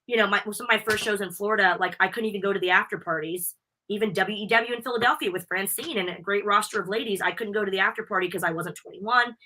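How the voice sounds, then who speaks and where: A young American woman on a live interview podcast, chatting in a bubbly, animated, talkative way. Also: medium pitch, fast, a little hiss or hum. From United States. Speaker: wrestling interviewer and guest. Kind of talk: casual live interview chat.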